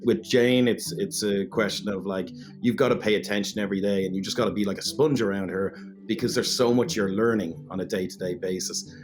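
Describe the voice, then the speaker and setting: A man's voice: on the low side, fairly even intonation, brisk, faint music behind. A male actor reflecting earnestly on working with the cast in a cast interview.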